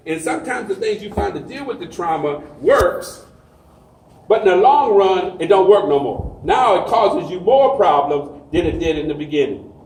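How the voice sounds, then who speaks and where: A man's voice: sits high, animated, moderate pace, a little mellow, far from the mic, slight background noise. A man in his sixties, a group counselor, giving a talk to an audience in a folksy, preacher-like storytelling way. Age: 60s. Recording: echoey hall, voice heard from afar.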